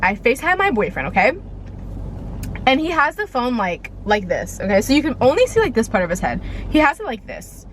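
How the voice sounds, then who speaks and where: A woman's voice: on the high side, sing-song, brisk, a little hiss or hum. A young woman vlogger telling a rambling storytime, filling her talk with "like" and "okay". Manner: chatty, rambling, heavy use of "like" and "okay". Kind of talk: storytime vlog.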